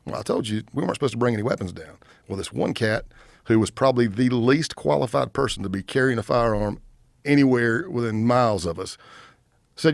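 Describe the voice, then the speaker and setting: A man in his fifties, a retired undercover agent and podcast guest, telling a story in an animated way and acting out what the other people said. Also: medium pitch, fairly quick, creaky, no room sound, clean studio sound.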